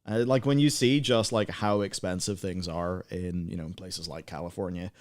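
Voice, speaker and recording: A man's voice: low voice, fairly even intonation, normal speed, darkish tone. A man, co-hosting a livestream in casual, rambling, sardonic chat full of fillers. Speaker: livestream co-host.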